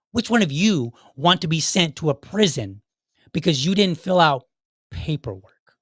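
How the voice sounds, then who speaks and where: A man's voice: fairly high pitch, no echo, clean studio sound. Fired-up man host, combative. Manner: fired-up, combative, rhetorical questions; mocking voices for imagined people. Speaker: podcast host. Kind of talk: opinionated commentary monologue.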